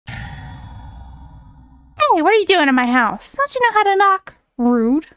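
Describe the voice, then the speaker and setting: Woman doing a gruff male fairy, bossy, impatient, brisk slang, high lively voice. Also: no echo, clean studio sound, heavily acted. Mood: indignant. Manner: brisk, scolding, folksy slang.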